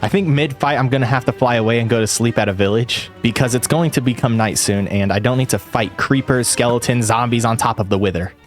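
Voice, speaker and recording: A young man giving excitable let's play commentary, yelping and exclaiming during a boss fight. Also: mid-range voice, fast talker, few pauses, faint music behind. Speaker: gaming YouTuber.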